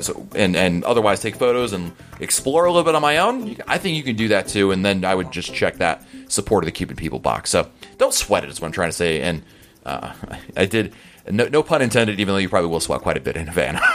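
A man's voice: deep voice, fairly bright tone. A man hosting a podcast in a casual, chatty, rambling way as he answers listener emails. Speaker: podcast host.

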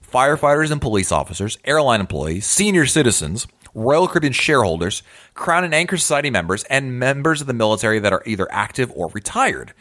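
A man's voice: medium pitch, fairly bright tone. A man hosting a podcast, giving tips in a casual, conversational way with emphatic asides. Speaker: podcast host.

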